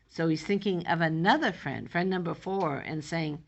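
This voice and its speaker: Woman teacher, lowish gravelly voice, breaks a poem down line by line in plain everyday talk. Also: moderate pace, few pauses. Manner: explains line by line, paraphrasing in plain everyday speech. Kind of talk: classroom lesson explaining poetry.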